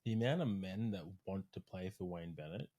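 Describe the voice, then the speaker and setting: A man, a strength coach, chatting casually on a podcast and telling animated stories, swearing freely along the way. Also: deep voice, fairly quick.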